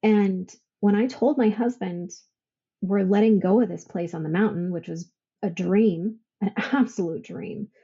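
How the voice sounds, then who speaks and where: Warm, husky woman telling a story. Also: medium pitch, unhurried, highs cut off. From Idaho, United States. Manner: emotional storytelling, laughs often, quotes others. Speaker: podcast guest, veteran business owner. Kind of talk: casual interview storytelling.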